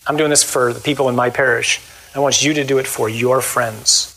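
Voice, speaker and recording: A man, a Catholic priest, giving a lively talk and then leading a closing prayer, often acting out the voices he quotes. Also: medium pitch, brisk, a little hiss or hum, low-quality recording. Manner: animated, acts out voices in quotes.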